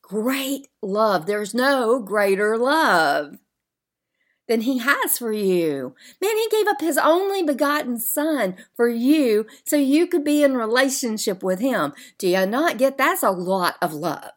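A woman hosts a faith podcast and speaks in an unhurried, drawn-out way. She leans on key words with heartfelt emphasis. Now and then she lets her voice sink into soft, murmured asides. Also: on the high side, expressive. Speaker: podcast host.

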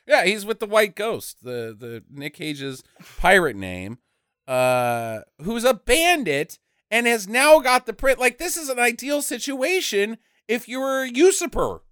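A man riffing on a movie with his co-hosts, swearing and laughing as he goes. His voice is smooth and a touch high, and it swings up and down a lot. The sound is dry and close-miked. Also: a little slow, no room sound. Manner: animated, profane, laughing asides. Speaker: podcast co-host.

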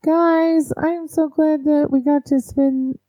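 Woman podcast co-host, halting and rambly, dry close sound. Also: high voice, fairly even intonation, dark tone, dry recording, muffled recording. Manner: rambling, halting, full of "like" fillers. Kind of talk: casual chat. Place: home, recording remotely.

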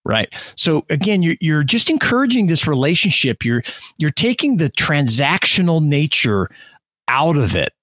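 A man co-hosting a casual business podcast, talking through his ideas with lots of quick restarts. His voice moves up and down a lot, and the recording sounds dry and close. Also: a little high, no room sound. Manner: lively, restarts often, explains with examples. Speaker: podcast co-host.

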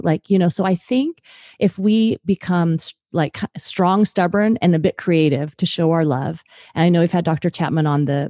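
A woman's voice: sits low, warm tone, no echo, clean studio sound. A woman, a guest author on a podcast, talking earnestly about parenting and acting out bits of parent dialogue. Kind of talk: podcast interview.

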